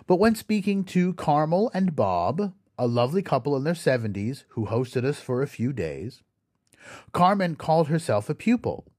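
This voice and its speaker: A man hosting an educational podcast, reading a scripted explanation slowly and carefully and spelling words out letter by letter. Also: medium pitch, a little mellow, no echo, studio quality. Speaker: podcast host.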